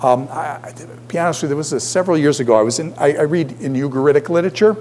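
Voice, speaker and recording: A middle-aged man lectures to a classroom, his voice sitting a touch high for a man. He keeps throwing questions out to the students as he goes, then answers them himself. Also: very fast, darkish tone, slight background noise. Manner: poses frequent questions to the class. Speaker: teacher.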